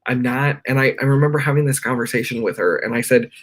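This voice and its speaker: Young man, podcast guest, earnest and rambling, mid-pitched voice, talking from his bedroom. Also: animated, quick pace. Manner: earnest, rambling, many "like" fillers. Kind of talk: candid personal storytelling in a live interview.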